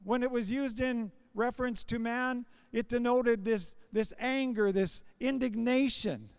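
A man's voice: very high voice, fairly even intonation, measured pace, clear, resonant tone, dry recording, studio quality. A man preaching a sermon, building his points in short, repeated phrases.

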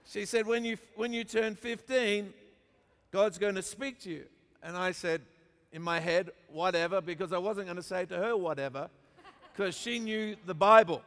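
A middle-aged man with an Australian accent, preaching a sermon as an animated storyteller who jokes with his congregation. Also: high voice, moderate pace. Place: large church auditorium. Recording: long hall reverb.

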